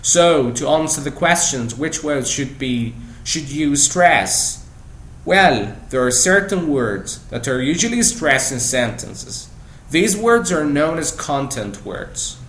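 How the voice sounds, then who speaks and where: A man's voice: mid-range voice, fairly bright tone. Man, persian native, english-prep podcast teacher, instructive tone, roomy echo, faint background hum. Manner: instructive, addresses listener directly with questions. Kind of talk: scripted podcast lesson. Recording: echoey room with faint ambience.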